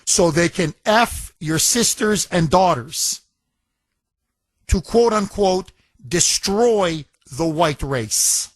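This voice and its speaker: Male talk radio host, high and unhurried, indignant and emphatic, dry close mic. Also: animated, no echo. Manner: indignant, emphatic, rhetorical questions.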